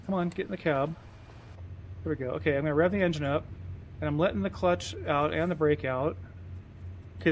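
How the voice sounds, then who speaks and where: Male game streamer, slightly high-pitched, rambling and self-chiding, faint engine hum behind. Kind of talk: casual live-stream commentary.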